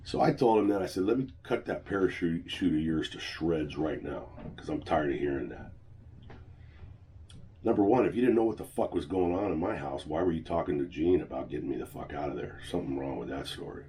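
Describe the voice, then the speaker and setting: A middle-aged man with a very deep, dark-toned voice talks straight to camera, blunt and full of swearing as he vents. A faint noise sits under the recording. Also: lively intonation, brisk. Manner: blunt, heavy swearing, venting. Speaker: channel host. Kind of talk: personal vlog monologue.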